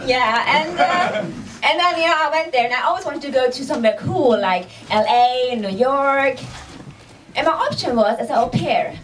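A woman's voice: high-pitched, animated, moderate pace. Giggly German woman doing stand-up. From East Berlin, Germany. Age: young adult. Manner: chatty, giggly, loose broken English. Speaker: stand-up comedian. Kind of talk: live stand-up set. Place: small comedy club. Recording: distant mic, noisy live club.

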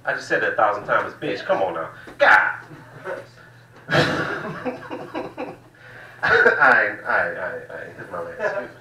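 Doing a stand-up set in a small cafe turned comedy venue, a profane Southern US comedian spins loose, drawling stories. His mid-range voice has lively intonation and a sharp tone, at a moderate pace with frequent pauses. It's recorded from a distant mic in a roomy space with faint hiss.

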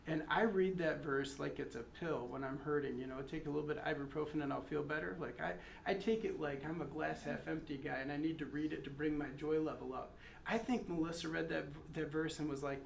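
A man's voice: on the high side, fairly even intonation, a little fast, gravelly. A man from Michigan giving a memorial sermon and prayer as pastor, earnest and conversational, with friendly asides. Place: chapel. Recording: echoey chapel with faint noise.

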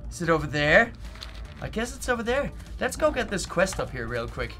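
Male game streamer with an Irish-tinged accent, high-pitched, excitable, prone to chanting. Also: normal speed, faint music behind. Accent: Irish-tinged English. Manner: excitable, bursts into loud cheers and chants. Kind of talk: gaming livestream chat.

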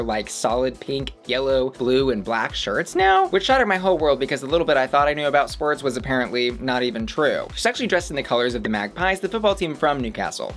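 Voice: medium pitch, fairly bright tone. A host giving casual commentary on runway looks, campy and full of slang, gushing over each one.

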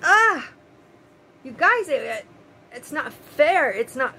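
Older woman, grandmother type, fairly high voice, heartfelt vlog rant with faint hiss behind. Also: very animated, takes it slowly, pushed and bright, rough recording. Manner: impassioned, pleading, repeats phrases. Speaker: vlogger. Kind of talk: emotional opinion monologue to camera.

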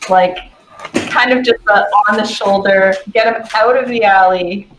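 A woman's voice: mid-range voice, unhurried, noisy background. A woman playing a tabletop game, planning aloud in casual chat with some hesitation. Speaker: player.

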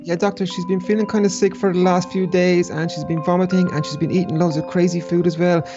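Young man, fast eager chatter, repeats himself, game music bed. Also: sits high, little pitch movement, dull audio. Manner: rapid, repetitive, eager chatter. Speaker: roleplay co-host. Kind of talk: casual game roleplay. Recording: background music under voice.

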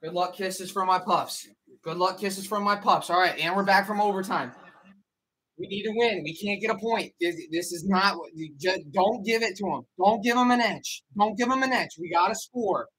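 A man streaming a live hockey watch-along, anxious and excitable, repeating the same phrases over and over. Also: sits high, moderate pace, breathy edge, rough recording. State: out of breath. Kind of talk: live reaction commentary.

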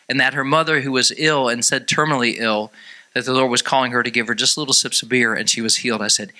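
A man from preaching to a parish crowd, animated and joking, jumping up high in pitch when he acts out quotes. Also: quick pace. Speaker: priest. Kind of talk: sermon clips with audience.

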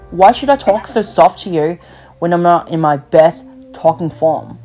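Over a phone line with faint music behind her, a woman hosting a podcast swears and rants bluntly, her chat loose and full of fillers. Her pitch is fairly low, her pace a little slow, and her tone slightly mellow.

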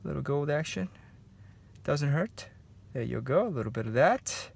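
A man's voice: fairly high pitch, animated, normal speed, gravelly, darkish tone, husky. A man teaching a home painting lesson step by step, easygoing and chatty, with many fillers and repeated encouragement. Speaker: painting instructor. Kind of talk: relaxed step-by-step tutorial. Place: home studio.

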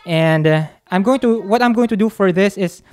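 A man's voice: sits high, moderate pace. A man reviewing a microphone in a casual demo at a home recording setup. He talks close to a dynamic studio mic in a chatty, offhand way and pokes fun at himself. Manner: chatty and offhand, with self-mocking asides. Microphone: dynamic studio mic, talking close.

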